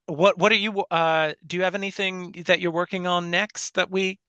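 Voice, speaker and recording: A man's voice: sits high, level tone, normal speed, pushed and bright, smooth, dry recording, lo-fi sound. A man interviewing a guest, enthusiastic and complimentary as he asks his questions.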